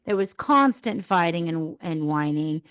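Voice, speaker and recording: A woman's voice: fairly low pitch, animated, unhurried, no room sound. A woman hosting a live podcast, telling an earnest, rambling personal story as a mom. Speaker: podcast host.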